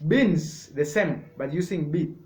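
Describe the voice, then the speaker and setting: A man teaching a sign language lesson, explaining each sign slowly and repeating words step by step. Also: a little high, expressive, darkish tone. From Kenya. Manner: slow, repetitive, explaining step by step. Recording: echoey room.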